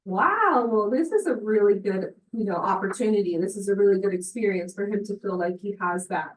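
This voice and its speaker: A woman's voice: medium pitch, fairly quick, far from the mic. Mother telling a story from across an echoey room. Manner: earnest, many "you know"s. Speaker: parent. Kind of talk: sharing a personal story.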